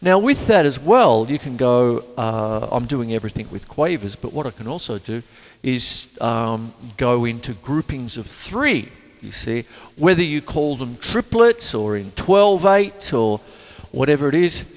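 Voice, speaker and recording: An older man hosting a casual drum lesson, chatty and singing rhythms out loud as he plays. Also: mid-range voice, animated, a little slow. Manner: chatty, sings rhythms aloud. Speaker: drum teacher and show host. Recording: reverberant room with drums.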